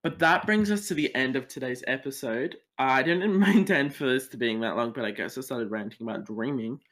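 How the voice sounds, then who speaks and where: A teenage boy hosting a solo podcast, ranting with lots of swearing and quick tangents. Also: mid-range voice, a bit bright. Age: teens. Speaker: podcast host.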